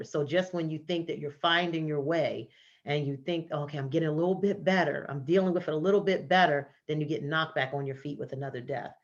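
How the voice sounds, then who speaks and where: A woman hosting a virtual book launch, sharing her grief over a son's death in a halting way with repeated words, over a video call. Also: deep voice. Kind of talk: emotional personal sharing. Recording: dull lo-fi video call audio.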